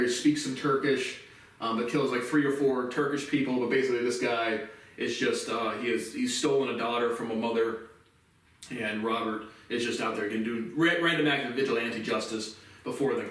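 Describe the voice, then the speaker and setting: A man's voice: medium pitch, normal speed. Guy rambling thru a casual movie review, lots of restarts, mic sits far off in a big echoey room. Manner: rambling, relaxed, with frequent restarts and casual swearing.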